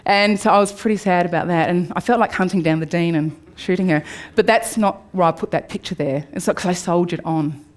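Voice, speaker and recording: A woman's voice: lowish voice, a little fast, few pauses. Australian woman telling her story to a crowd. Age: 40s. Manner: candid storytelling, swings from upbeat to hushed. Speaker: speaker. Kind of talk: personal story talk to an audience. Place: room before a live audience.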